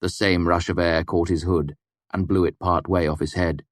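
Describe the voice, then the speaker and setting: A man narrating a fantasy audiobook with expressive storytelling. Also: low-pitched, normal speed, dry recording, studio quality.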